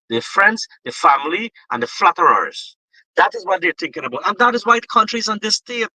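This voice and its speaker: A man's voice: high-pitched, bright, forceful tone, no room sound, rough recording. A Guyanese man talking politics with passion, often restarting his sentences. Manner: impassioned, repetitive restarts. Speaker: political guest. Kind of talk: political discussion.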